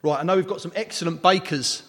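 A preacher with a fairly high voice delivers a playful Easter sermon, bantering with his congregation and throwing questions at them. His words ring out through a large church hall with a long, lingering reverb. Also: quick pace, a bit bright.

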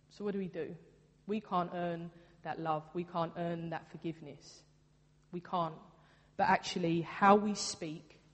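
A woman preaching a sermon in a casual, earnest way, repeating her points for emphasis. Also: on the low side. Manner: earnest, conversational, with emphatic repetition. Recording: long reverb of a hall.

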